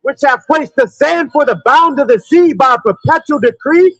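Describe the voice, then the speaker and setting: High-voiced man reading scripture slowly. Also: lively intonation, fairly bright tone, no room sound, highs cut off. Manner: slow, deliberate old-style verse reading. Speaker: scripture reader. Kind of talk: reading Bible verses aloud.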